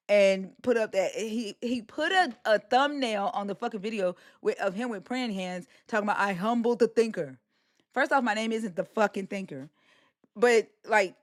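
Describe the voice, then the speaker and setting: A woman's voice: mid-range voice, dry recording, studio quality. A woman hosting a live stream, talking in a brash, profane, taunting way. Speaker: livestream host. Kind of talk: heated live-stream rant.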